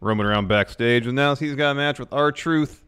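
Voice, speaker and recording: A man co-hosting a podcast, recapping matches in a steady, plain way with short agreements. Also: mid-range voice, normal speed, smooth. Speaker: podcast co-host. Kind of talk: casual wrestling recap chat.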